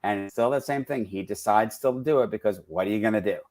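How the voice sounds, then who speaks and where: A man co-hosting a casual podcast, talking in a halting way with frequent restarts and fillers. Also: on the low side, a little mellow. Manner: halting, many restarts and "you know" fillers. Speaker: podcast co-host.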